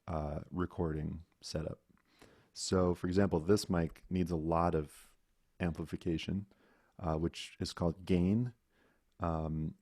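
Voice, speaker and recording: A man with a very low, mellow voice explains microphones to a class, patient and methodical. He speaks close into his mic over a video call. The sound is dry, with no room echo. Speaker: audio instructor. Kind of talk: teaching a live online class.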